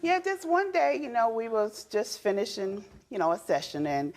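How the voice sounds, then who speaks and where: A woman telling a courtroom story about her husband, animated and acting out her own thoughts. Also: fairly high pitch, normal speed, slight background noise. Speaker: wife in a court case.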